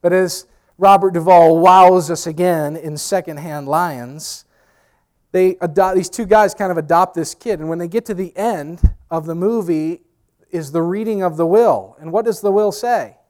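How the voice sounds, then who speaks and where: A man preaching from the pulpit in a conversational way. He drops to near-hush and rises to emphatic lines, and he mixes in wry, self-mocking asides. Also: sits high, moderate pace. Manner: conversational preaching, swinging between hushed and emphatic; uses pop-culture asides and self-deprecating humor. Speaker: pastor. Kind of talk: sermon.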